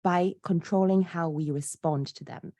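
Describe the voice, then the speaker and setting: A woman speaking as a podcast guest, telling stories with animated, inspirational energy. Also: lowish voice, moderate pace, no room sound. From Poland. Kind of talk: conversational interview.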